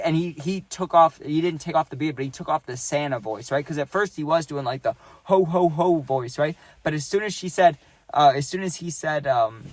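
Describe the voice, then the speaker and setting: A young man tells a workplace story in a rambling, profane storytime manner, checking in with "right?" again and again. His voice sits on the higher side for a man. The sound is dry and close, with no room echo. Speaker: vlogger telling a story. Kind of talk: casual storytime.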